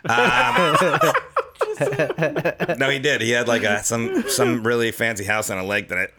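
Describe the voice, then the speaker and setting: A man chatting casually as a comedian and podcast host, telling rambling stories, swearing freely and slipping into quick voices for other people. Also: medium pitch, heavy background noise. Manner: fast rambling storyteller, swears, does voices. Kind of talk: casual chat. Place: Los Angeles.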